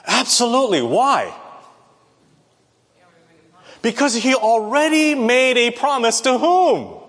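A man's voice: very high voice, sing-song, a little slow, fairly bright tone. A man preaching a Bible lesson, talking conversationally and asking the audience questions. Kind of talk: Bible teaching sermon. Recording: long reverb of a large hall.

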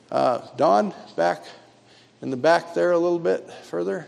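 Man, pastor leading a sermon, halting delivery full of fillers, long church reverb. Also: fairly high pitch, gravelly, darkish tone.

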